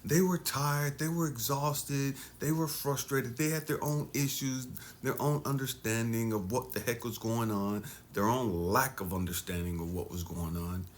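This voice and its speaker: Male motivational speaker, mid-pitched, swinging between whispers and bursts. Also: normal speed, few pauses, a little hiss or hum. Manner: intense, drops to hushed near-whispers then surges for emphasis. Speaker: life coach and speaker. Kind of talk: motivational talk to camera.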